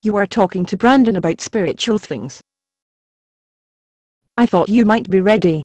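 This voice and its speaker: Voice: mid-range voice, moderate pace, a little mellow, no room sound, natural voice. An actor playing a mild, wry conscience. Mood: calm. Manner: mild and a little hurt. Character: patient, gently wry conscience spirit. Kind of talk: amateur stage drama.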